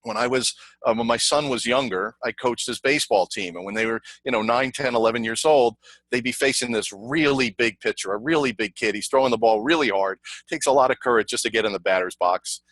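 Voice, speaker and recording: Man, middle-aged, sales trainer, video call webinar, energetic, dry sound. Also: medium pitch, fairly quick, no echo, poor audio. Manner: energetic, repetitive, conversational teaching with anecdotes. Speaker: sales trainer presenting to a networking group. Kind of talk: online webinar presentation.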